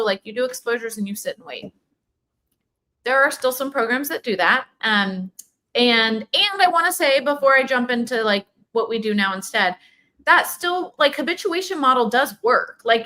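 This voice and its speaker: A middle-aged woman, speaking as a clinician in a casual livestream talk, animated and chatty with lots of fillers. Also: on the high side. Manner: animated, conversational, many fillers and quoted dialogue. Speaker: OCD clinician and program leader.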